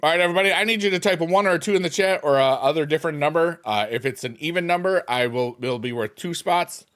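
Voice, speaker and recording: A man's voice: on the high side, quick pace, a bit bright. A middle-aged man streaming a mobile game, chatting casually with his viewers and breaking into goofy chicken noises. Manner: goofy, chants silly chicken noises, talks to chat.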